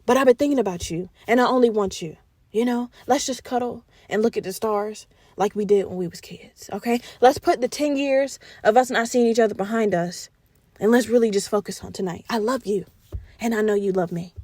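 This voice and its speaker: A scheming young man with a low, hushed, coaxing voice, as a woman puts him on. He sweet-talks his old flame, sometimes dropping almost to a whisper, in a storytelling retelling. The sound is close and dry, with no room around it. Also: fairly quick, dry recording. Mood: sweet-talking.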